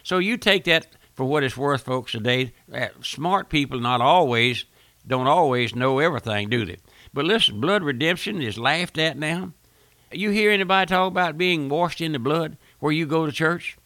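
A man's voice: a little high, lively intonation, normal speed, bright, forceful tone, no echo. An older man preaching a fiery radio sermon, folksy and emphatic, repeating phrases and rising to bursts of force.

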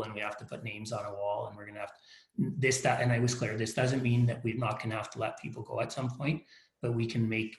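A man speaking as a guest on a podcast, telling stories frankly and often repeating and restarting his words. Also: medium pitch. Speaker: company leader, podcast guest. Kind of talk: casual storytelling interview. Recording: roomy echo.

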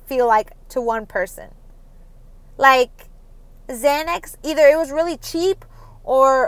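Young woman podcaster, smooth fairly high voice, dry close sound, rambly with awkward laughs. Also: a bit bright, dry recording. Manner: rambling, nervous laughs, many ums. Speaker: podcast host. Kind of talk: casual solo podcast confession.

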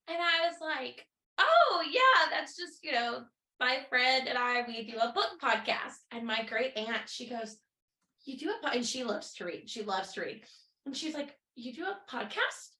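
A woman's voice: a little high, lively intonation, moderate pace, bright, forceful tone. Woman, podcast co-host, rambling casual storyteller, echoey room. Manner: rambling storyteller, many fillers. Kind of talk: casual chat.

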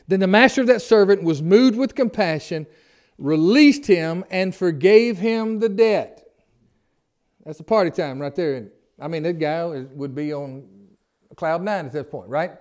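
A man's voice: high-pitched, normal speed, a little mellow. A man teaching a Bible study in a conversational way, reading scripture aloud and then putting questions to his group in informal, folksy phrasing.

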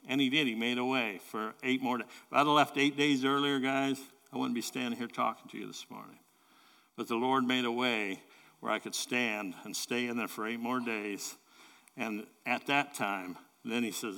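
Bright-voiced preacher in a reverberant hall. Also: male voice, medium pitch, steady tone, clear, resonant tone. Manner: earnest, halting, repeats words while building a point. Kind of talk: sermon. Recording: long reverb of a large hall.

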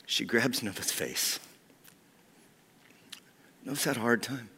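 A man preaching a sermon as pastor, heartfelt and personal, often sinking to a hushed whisper. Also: medium pitch, takes it slowly, husky. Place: church sanctuary. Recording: long reverb of a church hall.

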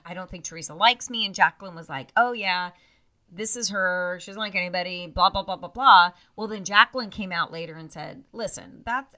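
A woman co-hosting a podcast over a video call, chatting casually and profanely, mocking people with put-on voices. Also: lowish voice. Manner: animated, profane, mocking mimicry of cast members. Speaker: podcast co-host. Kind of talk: casual chat about reality TV.

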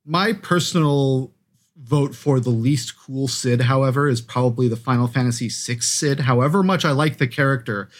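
Male co-host, mid-pitched, rambling recap with plenty of hedging. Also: moderate pace. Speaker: podcast co-host. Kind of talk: casual gaming chat.

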